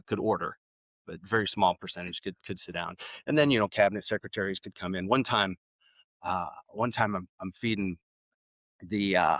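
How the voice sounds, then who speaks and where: A middle-aged man with a low-pitched voice tells stories at an easy pace, his talk full of fillers and restarts. The recording is dry and slightly dull. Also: no room sound. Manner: relaxed, with frequent fillers and restarts. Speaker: podcast guest. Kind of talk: casual interview storytelling.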